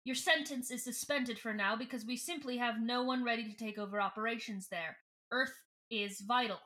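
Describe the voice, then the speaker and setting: A woman voicing a stern male alien council leader who speaks in a cold, measured, commanding way. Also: fairly high pitch, sharp tone.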